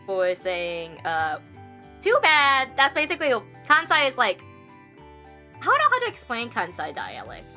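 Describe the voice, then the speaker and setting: A woman's voice: mid-range voice, sharp tone. A young adult woman livestreaming in casual chat. She rambles with many fillers and laughs often.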